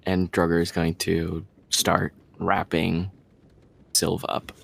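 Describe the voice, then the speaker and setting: A man's voice: low-pitched, monotone, takes it slowly, creaky, breathy edge. A man playing a tabletop game who describes his character's actions in a laid-back way with fillers. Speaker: player. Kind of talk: casual tabletop game play.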